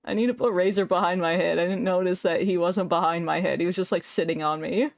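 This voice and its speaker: A woman's voice: on the low side, fairly even intonation, fast, vocal fry, dry recording, clean studio sound. A woman streaming a game, chatting casually and laughing often. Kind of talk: casual gaming stream chat.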